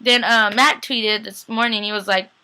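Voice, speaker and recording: A young adult woman recapping a TV episode in an excited, chatty way, full of "like" and acted-out reactions. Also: fairly high pitch, moderate pace, clean tone, low-quality recording. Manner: gushing, chatty, acts out lines with lots of "like". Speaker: fan vlogger recapping a TV episode.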